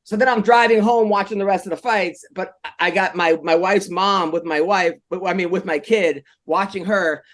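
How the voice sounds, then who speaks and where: A man hosting a podcast, telling a story in a lively, animated way. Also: sits high, moderate pace, few pauses. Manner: animated storyteller, jumps into voices. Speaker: podcast host. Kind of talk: casual chat.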